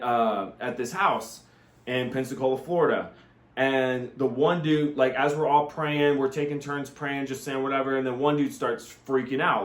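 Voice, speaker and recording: Male vlogger, casual rambling monologue, earnest delivery, reverberant room sound. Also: mid-range voice. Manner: rambling, filler-heavy, earnest.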